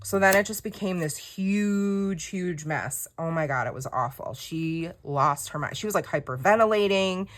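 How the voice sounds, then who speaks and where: A woman's voice: fairly low pitch, moderate pace, few pauses. A woman, telling a personal story in casual chat while journaling, candid and rambling, acting out quoted dialogue. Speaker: journaling creator.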